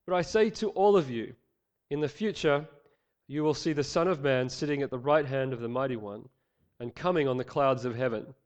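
A man preaching a sermon, praying and reading scripture in an earnest, measured way, slightly nasal from a head cold. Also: mid-range voice, muffled recording. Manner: earnest, measured, some fillers.

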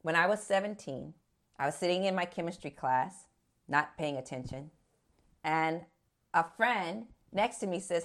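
A woman's voice: fairly low pitch, expressive, a little slow, a bit bright. A woman in her fifties telling her faith testimony as a story, acting out the voices in it and growing fervent near the end. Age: 50s. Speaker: speaker giving a testimony.

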